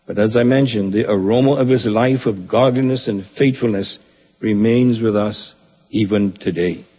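A man giving a funeral eulogy at his church, earnest and reverent with touches of gentle humor. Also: on the low side, moderate pace, slightly rough. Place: church assembly hall. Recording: dull, echoey church hall recording.

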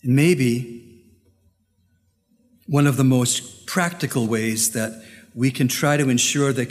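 A male pastor preaches with earnest, deliberate phrasing and pauses, telling a story to make his point. His voice sits at an ordinary mid pitch. It rings through a church sanctuary with a long reverb. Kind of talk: sermon with storytelling.

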